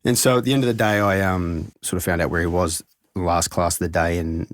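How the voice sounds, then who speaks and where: A man's voice: sits low, steady tone, a little fast, dry recording, clean studio sound. A middle-aged man, a head of school and podcast guest, tells an earnest, heartfelt story and reflects on it.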